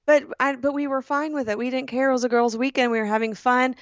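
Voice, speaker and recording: A woman with a Southern US accent, co-hosting a podcast and telling a story in an animated way, acting out the voices. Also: high voice, fast talker, no echo, muffled recording. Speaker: podcast co-host. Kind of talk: casual chat.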